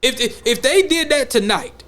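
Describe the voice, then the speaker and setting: Man, high voice, slangy, animated, casual podcast chat. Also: normal speed. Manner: loose, slangy, animated storytelling. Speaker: podcast host.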